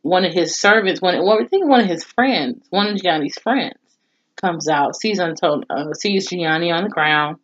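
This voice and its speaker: A woman casually recapping a TV episode in a blunt, expressive way, swearing freely. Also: on the low side, moderate pace. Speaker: TV show reviewer. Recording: dull lo-fi recording.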